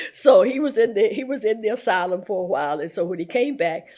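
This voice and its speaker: A woman's voice: medium pitch, moderate pace. An older woman from the American South, a community activist telling workplace stories in an interview, laughing often as she goes. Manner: animated storyteller, laughs often. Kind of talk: storytelling interview.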